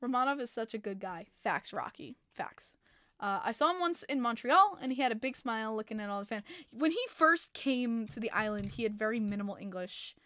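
A woman hosting a casual hockey podcast livestream, excitable, laughing often and swearing freely as she reads chat messages. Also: a little high, fairly quick, no room sound. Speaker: podcast host.

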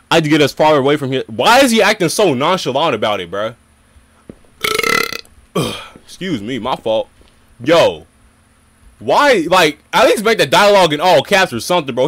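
A young man narrates his own horror game playthrough with slangy, excitable chatter that breaks into yelling when something startles him. His voice sits a bit high and swings widely in pitch. Game music plays clearly underneath. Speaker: gaming YouTuber. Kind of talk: horror game let's play commentary.

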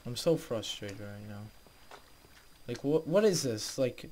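A young man talks through his game at his desk, chatting casually with his viewers and grumbling when things go wrong. His voice sits at an ordinary middle pitch. A faint hiss sits under the home recording. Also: animated, measured pace, a little mellow. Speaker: gaming video host. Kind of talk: casual let's play commentary.

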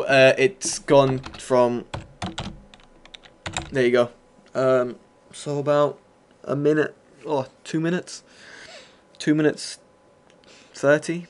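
A man talks through his gameplay in a loose, rambling way, tossing in fillers and the odd curse. His voice sits at an ordinary middle pitch, with a faint hiss of noise behind him. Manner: rambling and loose, with many fillers and casual swearing. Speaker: gaming video host. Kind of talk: casual gameplay commentary.

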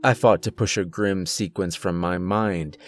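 A man narrates a horror story in a slow, measured way, with a somewhat low voice. Faint music runs underneath. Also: steady tone. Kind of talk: scripted narration.

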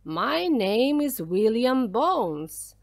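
Storybook ghost pirate, proud and loud, slow drawn-out lines; a woman plays him, dry close sound. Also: a little high, big pitch swings, no echo, full character voice. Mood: storytelling.

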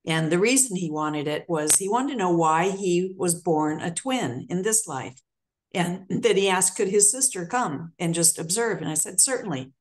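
A woman hosting an interview, calmly recounting a session with a client. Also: on the low side, normal speed. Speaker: host. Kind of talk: conversational interview.

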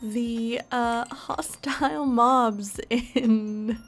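A woman's voice: on the high side, steady tone, extremely slow, faint music behind. A young woman giving casual, bubbly gameplay commentary, gushing and gasping as she explores. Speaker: gaming YouTuber.

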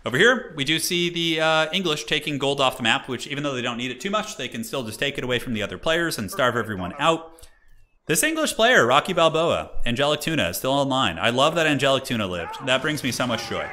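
Excitable man casting a game. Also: mid-range voice, fast talker. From United States. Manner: excitable, chatty, answers stream chat. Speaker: tournament caster. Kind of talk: casual live game commentary.

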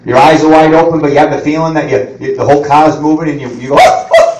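A middle-aged man doing an animated stand-up set, acting out voices as he tells stories. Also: fairly high pitch, rapid-fire. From Maine. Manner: animated storytelling, acts out voices. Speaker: stand-up comedian. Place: live event hall with audience. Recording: roomy audience recording from a distance.

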